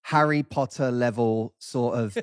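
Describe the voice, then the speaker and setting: A man from England with a Cockney accent, a guest chatting in an interview, jokey, self-deprecating and quick to laugh. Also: medium pitch, steady tone. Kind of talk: casual interview chat. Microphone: studio microphone.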